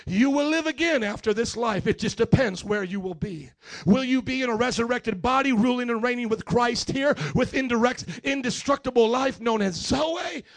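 A male preacher delivering a fervent sermon, calling on the congregation to repeat after him and swinging between shouts and hushed lines. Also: very high-pitched, normal speed.

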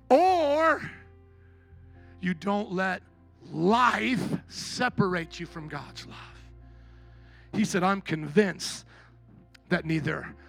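Pastor guy preaching, really high bright voice, gets loud and animated, soft music in back. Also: creaky. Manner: animated, mimics whining complainers, shouts for emphasis. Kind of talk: sermon.

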